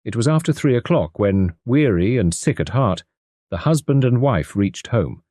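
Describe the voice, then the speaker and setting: A man narrating a classic mystery audiobook in an expressive, measured storytelling manner. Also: mid-range voice, no echo, studio quality.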